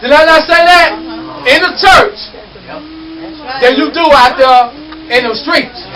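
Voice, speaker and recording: A man's voice: extremely high pitch, unhurried. A man preaching a fiery call-and-response sermon in a church, repeating "come on, somebody" to rouse the congregation. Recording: distant mic with loud congregation.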